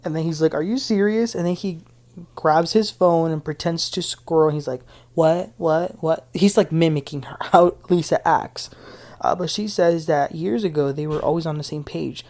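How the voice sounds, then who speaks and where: A woman's voice: deep voice, moderate pace, darkish tone. A woman hosting a casual reality TV recap, retelling scenes in a chatty way with her own opinions and asides. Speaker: TV recap host.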